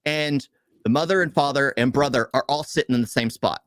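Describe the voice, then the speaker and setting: A man's voice: medium pitch, a little fast, fairly bright tone, dry recording. A man co-hosting a casual movie review, ranting in frustration with rhetorical questions.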